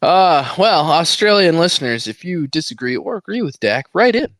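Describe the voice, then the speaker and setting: A man's voice: on the high side, big pitch swings, normal speed, fairly bright tone, dry recording. A man co-hosting a podcast in casual chat, teasing the others and jumping in eagerly. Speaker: podcast co-host.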